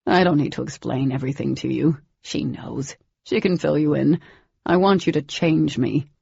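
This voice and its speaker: A woman's voice: sits low, moderate pace, gravelly, mellow, breathy edge, dry recording, lo-fi sound, exaggerated voice. A woman voicing an older male villain, cold, smug and calculating, in a clipped, condescending manner.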